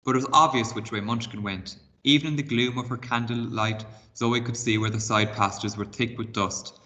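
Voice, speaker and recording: A man's voice: medium pitch, fairly even intonation, normal speed, sharp tone. A man teaching a primary class by video, reading a novel aloud with expression and stopping to explain words and set reading tasks.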